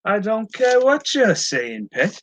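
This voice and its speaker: A man doing a high, lilting imitation of a Welsh accent as a mock Welsh storyteller. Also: huge pitch swings, slow pace, noisy background, exaggerated voice. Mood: playful.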